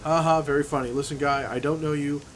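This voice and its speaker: A man doing a gruff, jovial street doctor. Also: fairly high pitch, fairly even intonation, fast, a little hiss or hum, natural voice. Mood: brusque. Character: brusque, cheerful hungover male street doctor, forties.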